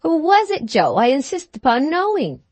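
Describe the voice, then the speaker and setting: A woman voicing a timid, fussy old lady with a shrill, trembling voice in a storybook reading. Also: huge pitch swings, moderate pace, a little mellow, no room sound. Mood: alarmed.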